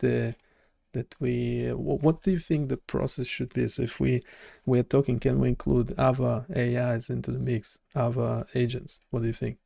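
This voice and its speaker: A man hosting a live stream, talking casually and bluntly and often repeating words in bursts. His voice is gravelly and mellow, with a flat melody. The sound is close and dry. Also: medium pitch, normal speed, no echo. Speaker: live stream host and web developer.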